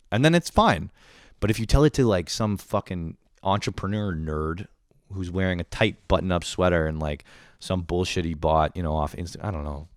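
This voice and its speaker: A young man with a lowish voice rants through a comedic podcast monologue, cursing freely and mocking himself. His energy jumps into loud outbursts, then sinks into low mutters. The sound is dry and close, with no room around it. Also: brisk, no echo. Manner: profane, irritable, self-mocking. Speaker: podcast host.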